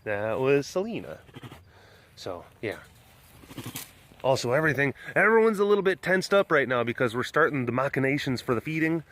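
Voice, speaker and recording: A man's voice: medium pitch, big pitch swings, moderate pace, fairly bright tone. A bubbly man recording a casual outdoor walk-around vlog at a big cat sanctuary. He chats with the viewers and baby-talks to the cats. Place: outdoors at an animal compound.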